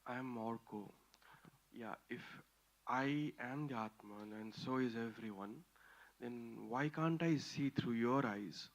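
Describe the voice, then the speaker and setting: Young male questioner, measured, muffled off-mic sound. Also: mid-range voice. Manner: slow, deliberate questioning. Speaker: audience member asking a question. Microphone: far from the mic in the audience.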